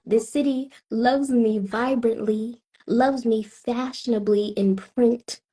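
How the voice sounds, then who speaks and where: Husky, slow-spoken Southern poet woman. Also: a little high, fairly even intonation, mellow. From Tampa, Florida. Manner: slow, rhythmic delivery with weighty pauses. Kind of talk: spoken word poetry performance.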